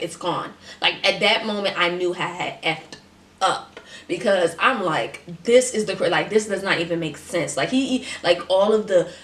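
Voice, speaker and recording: A woman in her twenties telling a storytime vlog in a casual, animated and sassy way, full of slang. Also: medium pitch, recorded from a distance. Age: 20s. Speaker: vlogger. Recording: roomy, off-mic.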